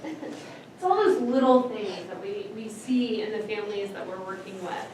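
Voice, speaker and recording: A woman talking to a class as a speaker on autism and families, telling stories in an animated way and acting out other people's voices. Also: medium pitch, normal speed, echoey room, far from the mic, rough recording. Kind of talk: storytelling lecture. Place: lecture room.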